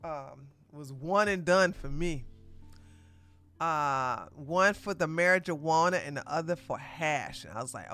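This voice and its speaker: A woman's voice: sits low, measured pace, fairly bright tone, soft background music. A woman commenting casually on a live stream, rambling and correcting herself as she goes. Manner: rambling, self-correcting, chatty.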